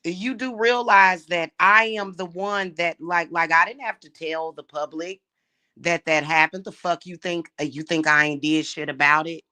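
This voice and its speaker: Angry, profane woman with a bright voice. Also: lowish voice, fairly even intonation, moderate pace. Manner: confrontational, profane, mocking. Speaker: vlogger. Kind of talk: angry monologue vlog.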